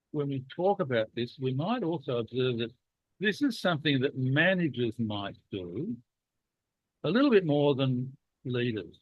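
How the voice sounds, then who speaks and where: A medium-pitched man with a cold hosts a leadership program, leading a casual podcast discussion in a chatty, playfully teasing way. The recording is dry with no echo, sounding tinny like a phone line.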